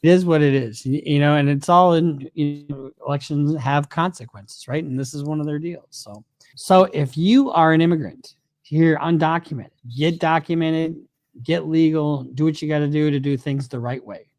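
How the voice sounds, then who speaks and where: A man with a fairly high voice talks through his views as a criminal lawyer in a loose, casual chat. He rambles, circles back and pads his points with fillers, and he sounds very dry and close to the mic. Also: steady tone, moderate pace, darkish tone, dry recording.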